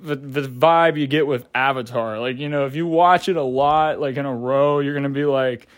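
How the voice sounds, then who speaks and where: A man's voice: mid-range voice, moderate pace, no room sound, clean studio sound. A young adult man giving a casual movie review, rambling with lots of filler words and casual swearing.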